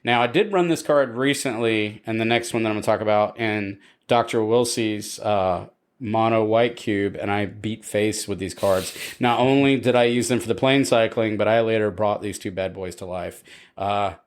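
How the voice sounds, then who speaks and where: A man co-hosting a podcast, giving opinionated takes on cards and reading their text aloud. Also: fairly low pitch. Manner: opinionated, reads card text with pauses. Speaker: podcast co-host. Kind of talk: casual podcast chat.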